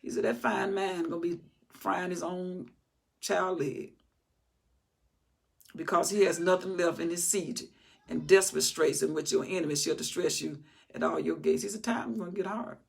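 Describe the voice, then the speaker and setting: Older woman, informal Bible teaching, gravelly, husky, worn voice, animated folksy delivery. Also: lowish voice, moderate pace. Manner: folksy, animated, acts out scripture passages. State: voice recovering, slightly worn.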